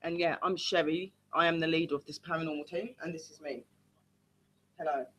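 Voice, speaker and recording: A woman's voice: deep voice, fairly even intonation, a little fast, a bit bright, a little hiss or hum, poor audio. A woman leading a paranormal team, chatting casually to viewers during a live-streamed ghost hunt from her home, often calling them "guys". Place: at home indoors.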